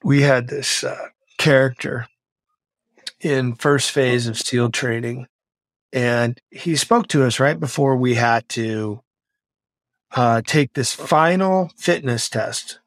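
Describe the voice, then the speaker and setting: A man's voice: mid-range voice, slow, no room sound. A middle-aged man, a former Navy SEAL and author, telling stories energetically as a podcast guest. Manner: energetic, motivational, animated storytelling. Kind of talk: podcast interview storytelling.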